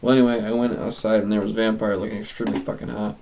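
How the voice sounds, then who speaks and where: A man's voice: lowish voice, level tone, racing, vocal fry, mellow, a little hiss or hum, low-quality recording. A man reading a fanfiction aloud for comedy, mocking it with exaggerated line readings and asides, his voice strained. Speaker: fanfiction reader.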